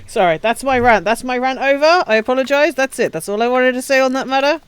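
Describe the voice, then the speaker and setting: A woman's voice: high-pitched, fairly quick, clear, resonant tone, dry recording. A woman streaming a building game, chatting casually, swearing, ranting and laughing often. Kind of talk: casual live-stream chat while playing.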